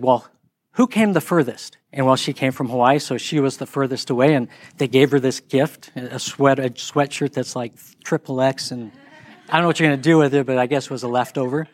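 A middle-aged man telling a casual story, acting out the people he quotes. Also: no room sound. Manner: animated, acts out quoted voices in higher pitch.

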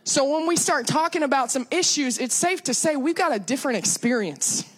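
A woman's voice: high voice, lively intonation, a little fast. A young woman from Texas with a Southern accent, a guest preacher giving a chatty, self-deprecating sermon full of conversational asides. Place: church sanctuary.

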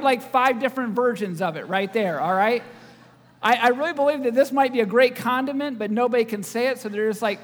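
A man's voice: extremely high pitch, expressive, normal speed, fairly bright tone, big-room sound. A male pastor giving a sermon, joking with the congregation and asking them questions. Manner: joking, audience-engaging preacher. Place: church.

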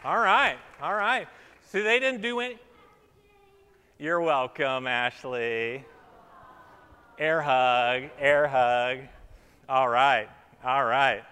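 A pastor takes his time, with long pauses, as he chats playfully with children during an object lesson, then moves on to scripture and reflection from the church stage. His mid-range voice is bright, clear, resonant and forceful. A faint crowd can be heard beneath a long hall reverb.

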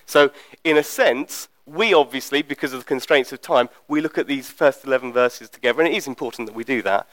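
A man's voice: medium pitch, fairly quick, fairly bright tone, no echo, low-quality recording. A man preaching a teaching sermon in a conversational, explanatory way, often checking in with the listeners.

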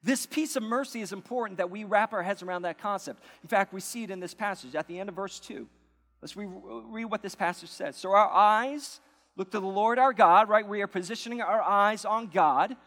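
A man's voice: high-pitched, a bit bright, big-room sound. A man preaching a sermon as pastor, conversational, with repeated phrases and asides to the congregation.

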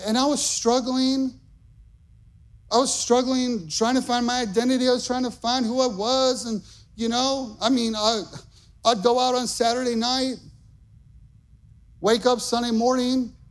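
Middle-aged male preacher, high voice, passionate pulpit delivery. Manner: impassioned, emphatic preaching with rising shouts. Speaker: pastor. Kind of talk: sermon.

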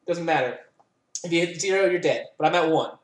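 A young adult speaker telling a meandering, expletive-heavy story in a casual chat, every sentence propped up with "like". The voice sits at a middling pitch. The recording carries a roomy echo. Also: brisk. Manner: rambling storytelling, heavy swearing and "like".

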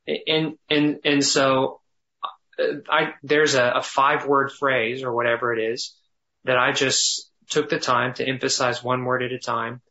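A man teaching thoughtfully in conversation, often pausing, restarting and slowing down to dwell on phrases. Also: mid-range voice, little pitch movement, bright, forceful tone, highs cut off. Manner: thoughtful, halting with restarts, slows to savor phrases. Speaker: guest teacher on biblical counseling.

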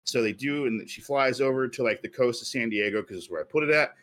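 A man's voice: medium pitch, quick pace, fairly bright tone. A man co-hosting a podcast, telling a story at length in casual chat with many fillers. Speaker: podcast co-host.

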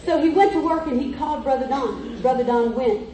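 High-voiced woman preaching, echoey church. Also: a little fast, warm tone, far from the mic, some chatter behind. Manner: emphatic, repetitive, storytelling. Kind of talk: sermon.

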